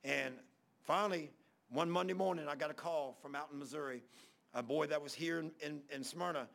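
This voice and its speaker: High gravelly preacher man. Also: a little fast, fairly bright tone. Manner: folksy, rambling Southern preacher talk with quoted dialogue. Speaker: pastor. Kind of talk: storytelling sermon.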